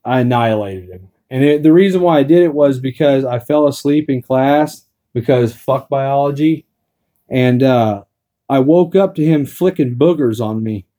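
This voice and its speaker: A man's voice: mid-range voice, normal speed, mellow. A man hosting a crude comedy podcast, rambling and swearing constantly. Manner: profane, rambling. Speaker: podcast host.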